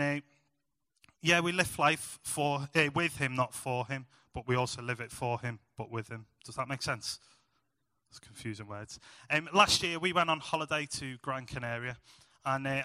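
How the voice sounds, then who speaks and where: A man's voice: medium pitch, bright, forceful tone, no echo, big-room sound. A young man preaching a sermon in a chatty, self-mocking storytelling way.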